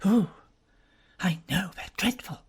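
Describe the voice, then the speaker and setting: A woman's voice: medium pitch, expressive, slow pace, slightly rough, pitched above the performer's own voice, full character voice. A woman voicing a bored, drawling young upper-class woman in an audiobook. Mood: languid. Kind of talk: audiobook character reading.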